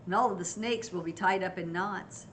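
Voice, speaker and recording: A grandma doing an alarmed, yelping storybook zebra. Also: female voice, fairly low pitch, normal speed, slight background noise, natural voice. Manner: yelling, alarmed.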